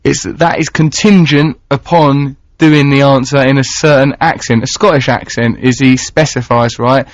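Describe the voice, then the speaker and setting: A man's voice: mid-range voice, steady tone, no room sound. Playful Essex man hosting radio. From England. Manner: playful, quick, theatrical, breaks into put-on voices. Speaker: radio host. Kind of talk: casual radio chat. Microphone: studio mic. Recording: dry, dull lo-fi radio broadcast.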